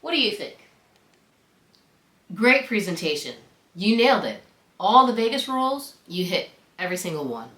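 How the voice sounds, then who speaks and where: An upbeat woman instructor talks straight to the viewer, her pitch swinging widely. Her voice is bright and forward. The recording has a roomy echo. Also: normal speed, pauses often. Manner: upbeat, animated, addresses viewer directly. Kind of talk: instructional presentation.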